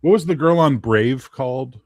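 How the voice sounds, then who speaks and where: Male co-host, animated emphatic storyteller, swooping intonation, crude banter. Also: medium pitch, normal speed, very noisy. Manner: emphatic, profane, lively storyteller. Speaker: podcast co-host. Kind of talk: casual chat.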